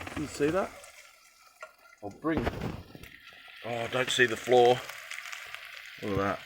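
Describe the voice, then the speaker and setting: A man's voice: mid-range voice, unhurried, noisy background. A young Australian man chatting casually while cooking in a van, rambling with jokey asides. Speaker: cooking vlogger. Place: van kitchen.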